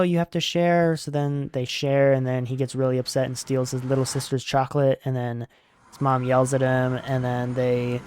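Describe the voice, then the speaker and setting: A man's voice: mid-range voice, clean tone. A young man hosting a gaming channel, rambling casually with lots of fillers as he plays and sums up a book. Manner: rambling, relaxed, many "like" fillers. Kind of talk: casual gameplay commentary and book summary.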